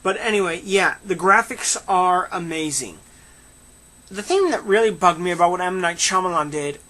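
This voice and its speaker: A casual film reviewer giving opinionated, animated thoughts with mocking asides. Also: mid-range voice.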